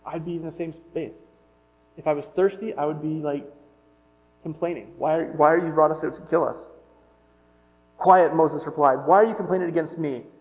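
Man preaching in a reverberant hall. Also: on the high side. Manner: reads scripture then comments in a casual, joking aside tone. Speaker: pastor. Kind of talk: sermon with scripture reading. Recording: muffled sound with long hall reverb and mains hum.

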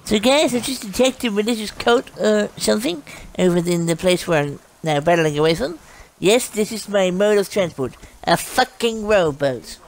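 A woman giving brash, profane comedic commentary while playing a game, yelling insults at enemies. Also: medium pitch, moderate pace. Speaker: gameplay commentator. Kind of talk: comedic let's-play commentary. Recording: game sounds loud behind the voice.

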